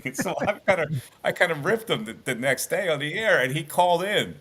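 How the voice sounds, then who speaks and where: A middle-aged man who used to host sports radio tells stories bluntly in a casual podcast chat, his medium-pitched voice moving fast. He's an animated storyteller who restarts his sentences a lot.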